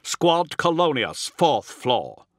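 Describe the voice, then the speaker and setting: A man's voice: fairly high pitch, big pitch swings, slow pace, no echo, voice pushed up, heavily acted. A man voicing a commanding, impatient male space marine captain with a clipped, imperious manner. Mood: curt commands.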